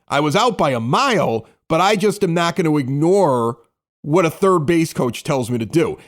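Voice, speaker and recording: A man co-hosting a sports podcast, ranting in a casual, animated way. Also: fairly high pitch. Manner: animated, ranting, acts out others' words. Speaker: podcast co-host.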